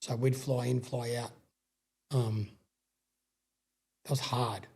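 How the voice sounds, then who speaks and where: A middle-aged man with an Australian accent spins long, rambling stories in casual talk. His voice is husky and darkly mellow, and he swears freely and stumbles back over his own sentences. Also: mid-range voice, level tone, slow. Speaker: guest, sprintcar racing veteran. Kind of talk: casual storytelling interview.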